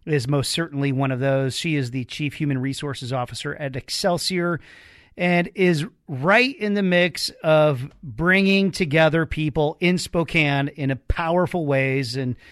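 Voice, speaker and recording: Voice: medium pitch, a little slow, a bit bright, no echo, studio quality. A podcast host introducing and questioning a guest in an interview.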